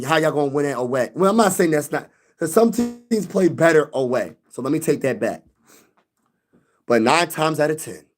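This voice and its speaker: A young man hosting a sports live stream, venting loosely in slang and talking back to his chat. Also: mid-range voice.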